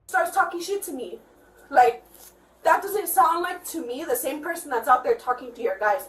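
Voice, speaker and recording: A woman's voice: high voice, animated, normal speed, a bit bright, reverberant, far from the mic, low-quality recording. A woman giving an agitated, rambling statement to police at her home, swearing and quoting others, recorded on a body camera. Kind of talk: heated spoken account.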